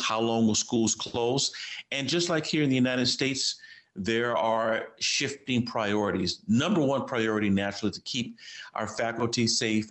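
A man co-hosting a podcast, chatting casually and then walking through a news story in a relaxed, explanatory way. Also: medium pitch. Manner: relaxed, conversational with long explanatory runs. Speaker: podcast co-host.

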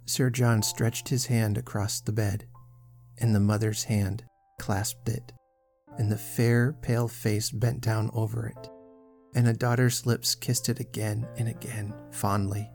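A man giving a steady, measured scripted narration of a classic novel as an audiobook reader. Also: lowish voice, gravelly, faint music behind.

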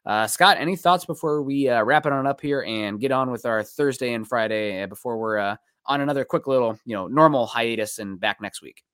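A man's voice: mid-range voice, brisk, few pauses, a bit bright, smooth, no echo, studio quality. A man hosting a casual sports podcast, loose and rambling, thanking listeners by name. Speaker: podcast host.

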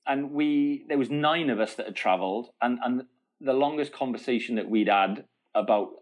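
A man's voice: mid-range voice, normal speed. Guy in his middle years telling a story, keeps laughing, trips over his own words. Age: middle-aged. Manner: animated, laughing, restarts mid-sentence. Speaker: guest. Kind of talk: casual storytelling.

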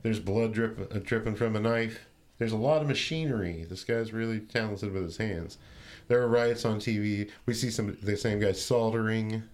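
A man's voice: on the low side, moderate pace, a little mellow. Man, podcast co-host, casual movie recap, swearing, laid-back storytelling.

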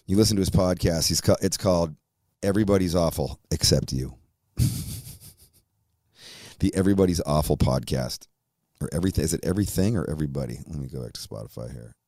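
A male podcast host with a low voice who rants angrily and swears constantly. The sound is dry and close on a studio mic. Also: a little fast, mellow, dry recording. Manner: profane, angry ranting. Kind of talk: ranting podcast talk.

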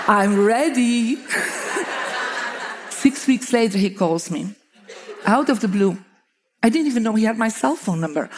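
A middle-aged woman, a feng shui teacher telling lively stories to an audience, often laughing and acting out quoted dialogue. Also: mid-range voice. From Belgium. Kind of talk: storytelling talk to an audience.

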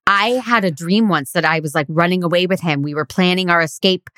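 A woman co-hosting a podcast, trading blunt, deadpan jokes in casual chat. Her voice sits a bit low for a woman. The sound is dry and close to the mic. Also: a little fast, dry recording. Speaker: podcast co-host.

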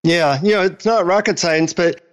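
Animated storytelling man, interview guest. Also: high-pitched, normal speed, poor audio. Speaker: author and relationship coach.

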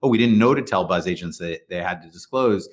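A man's voice: low voice, fairly quick. A middle-aged man, a startup founder, telling stories in a casual interview, rambling with restarts and acting out quoted dialogue. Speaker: startup founder and CEO guest.

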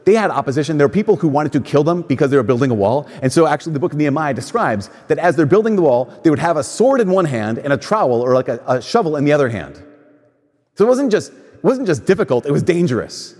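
A man's voice: a little high, big pitch swings, fast, a little mellow. A man giving a casual, conversational sermon, telling stories and acting out what people said. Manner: conversational storytelling, acts out quoted voices. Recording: long church reverb.

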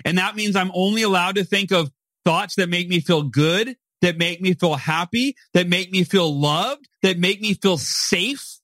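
A man's voice: sits high, unhurried, a bit bright, dry recording. A man in his forties, a guest author on a podcast, explaining emphatically and often ending points with "right?". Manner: emphatic, repetitive "right?" tag questions. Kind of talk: podcast interview, motivational explaining.

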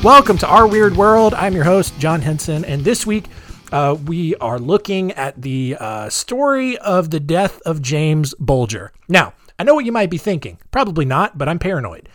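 Animated, wisecracking man. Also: fairly high pitch, moderate pace, dry recording, faint music behind. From United States. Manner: rambling, chatty, dark sarcastic humor. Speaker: podcast host. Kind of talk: casual podcast monologue.

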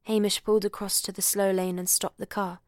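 A woman reading a literary novel aloud as an audiobook, in a measured, clear storytelling manner. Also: medium pitch, little pitch movement, a little mellow, no echo, clean studio sound. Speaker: reader.

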